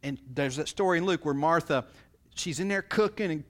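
A man preaching a sermon in a folksy, conversational way, often acting out what people say. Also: a little fast. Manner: folksy, conversational, acts out quotes with swings in pitch and loudness. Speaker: pastor.

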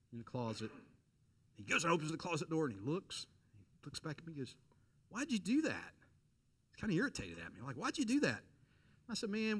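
A middle-aged man preaching a sermon, telling a personal story with lively quoted voices and direct appeals to listeners. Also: medium pitch. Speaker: pastor.

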